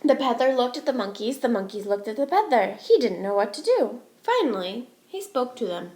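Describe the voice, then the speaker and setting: A woman teacher reading a storybook aloud to young children, expressive and slow, asking her listeners questions. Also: on the high side. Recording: echoey room.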